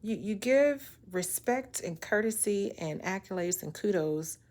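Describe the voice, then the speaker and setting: A woman's voice: medium pitch, lively intonation, measured pace, darkish tone. A woman vlogger talking casually to camera, blunt and emphatic, often doubling words as she gets fired up. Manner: blunt, emphatic, exasperated ranting; repeats words when fired up. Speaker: vlogger giving relationship talk.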